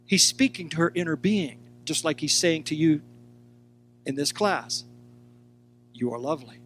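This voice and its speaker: A man teaching a sermon, animated, acting out quoted lines and speaking straight to his listeners. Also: fairly high pitch, a little slow, slight background noise. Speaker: Bible teacher.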